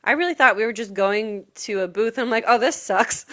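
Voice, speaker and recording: A woman's voice: a little high, fast, sharp tone, a little hiss or hum. A young adult woman co-hosting a casual podcast, telling festival stories with acted-out quotes and frequent laughter. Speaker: podcast co-host. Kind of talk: casual festival recap chat.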